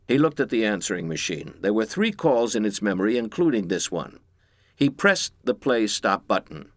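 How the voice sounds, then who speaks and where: A man reading a comic story aloud in scripted narration with a deadpan, expressive delivery. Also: on the low side, normal speed, no room sound, studio quality.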